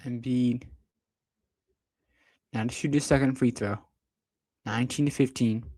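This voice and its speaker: A young man doing amateur play-by-play commentary on a livestream, excitable, with sudden jumps in pitch on big plays. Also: unhurried, dry recording.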